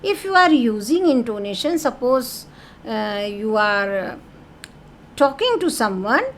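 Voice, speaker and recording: A high-pitched woman, teaching French grammar in a patient classroom style. She reads each French question, gives its meaning, and keeps checking in with her students. Faint room noise sits behind her voice. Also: sing-song, unhurried. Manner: explains patiently, asks "okay?" often; reads French phrases then translates them to English.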